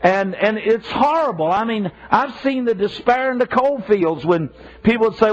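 A man's voice: high-pitched, lively intonation, moderate pace. A man preaching a sermon with passion, repeating himself for emphasis. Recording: dull lo-fi sermon recording.

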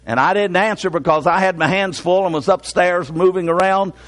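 An older man preaching from the pulpit in a notably high-pitched voice. He draws his warnings out slowly for emphasis, then slips into easy, folksy storytelling. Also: a bit bright. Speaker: pastor. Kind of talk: sermon.

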